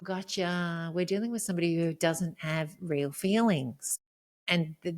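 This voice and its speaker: Upset woman retelling a bad date. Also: a bit bright. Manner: rambling, swearing, rising to high outbursts. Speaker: podcast co-host. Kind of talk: emotional personal storytelling.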